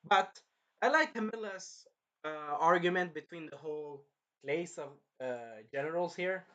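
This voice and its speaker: A man's voice: a little high, expressive, measured pace, bright, forceful tone, dull audio. A man giving a casual episode review, rambling, repeating himself and swearing. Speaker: show reviewer.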